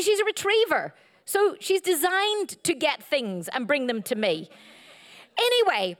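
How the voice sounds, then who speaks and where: A middle-aged woman preaching a sermon, animated and playful, telling humorous stories and slipping into silly voices. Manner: animated, playful, jumps into high silly voices for quoted lines.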